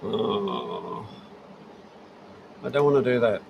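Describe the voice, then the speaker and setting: A middle-aged Australian man talks at an ordinary medium pitch, rambling easily through an impromptu livestream from his home shed. He chats to his viewers while he fiddles with his gear, full of fillers and restarts. A faint background hum sits behind him. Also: sing-song, slow pace, creaky. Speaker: livestream host. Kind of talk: casual live-stream chat.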